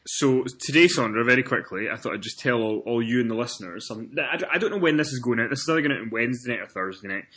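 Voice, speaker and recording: A Scottish man hosts a casual wrestling podcast, racing through chatty stories with few pauses, swearing freely and acting out what people said. His mid-range voice is pushed and bright, with lively intonation.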